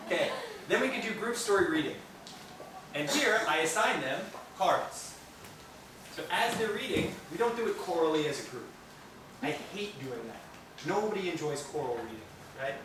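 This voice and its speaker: A man from America leading a teacher training demonstration, talking in an animated, playful way. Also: a little high. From United States. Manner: animated, playful, acts out silly reading voices. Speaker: English teacher giving a training. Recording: echoey room, mic far off, noisy.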